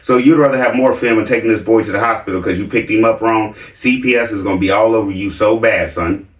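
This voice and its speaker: A man's voice: fairly low pitch, fast, echoey room, recorded from a distance. A man doing reaction commentary, mocking and theatrical, with a repeated catchphrase.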